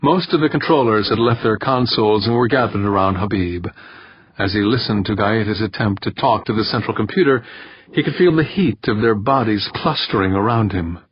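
Husky guy reading an audiobook, lowish voice, muffled recording. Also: a little fast, no room sound. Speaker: audiobook narrator. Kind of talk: scripted narration.

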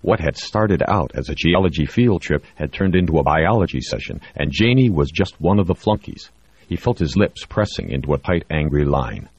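Very deep, husky male narrator, measured, dry and slightly muffled. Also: expressive, darkish tone. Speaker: audiobook narrator. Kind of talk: scripted narration.

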